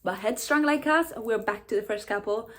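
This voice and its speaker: A woman's voice: on the high side, normal speed. Chatty young woman reviewing books. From Italy. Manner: chatty, opinionated, bursts of laughter. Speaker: book vlogger. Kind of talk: casual chat.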